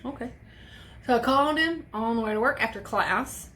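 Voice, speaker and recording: A woman's voice: on the high side, animated, normal speed, a bit bright, slight background noise. A young woman telling a personal story on a vlog, casual and profane, with emotion in her voice. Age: young adult. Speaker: vlogger.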